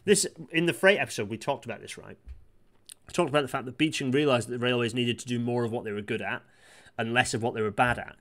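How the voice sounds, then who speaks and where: A man's voice: medium pitch, fairly bright tone. A man hosting a live read-through, reading passages aloud and breaking off into rambling asides full of restarts. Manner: rapid, with many restarts and asides. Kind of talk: casual live-stream commentary on a historical report.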